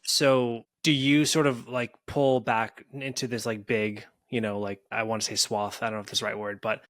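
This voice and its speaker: A man's voice: on the low side, level tone, normal speed, fairly bright tone, no room sound, studio quality. Rambling man asking podcast questions. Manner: rambling questions with many restarts and fillers. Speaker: podcast host. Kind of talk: casual interview chat.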